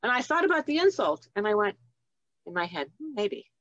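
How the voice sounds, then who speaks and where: A woman's voice: mid-range voice, a little fast, no room sound, highs cut off. Older woman telling stories animatedly. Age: 70s. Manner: animated storyteller, acts out voices in her stories. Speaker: guest, author and teen counselor. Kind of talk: casual storytelling on a video call. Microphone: video call.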